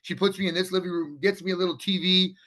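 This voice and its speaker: Male podcast guest, candid storyteller, profane and unpolished, sharp and forceful tone. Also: high voice, fairly even intonation, fast. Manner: blunt and profane, with frequent restarts. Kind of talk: candid storytelling in a casual interview.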